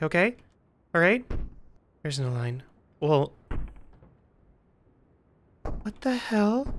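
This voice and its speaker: A woman's voice: mid-range voice, expressive, unhurried, long pauses. A young woman giving nervous, joking commentary while playing a horror game, often repeating herself. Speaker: gaming video creator.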